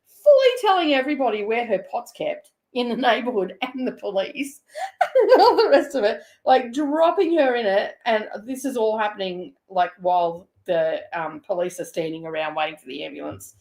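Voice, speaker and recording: An Australian woman with a fairly high voice, chatting casually as she tells a long, funny story. Her delivery is animated and full of asides. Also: moderate pace. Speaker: host.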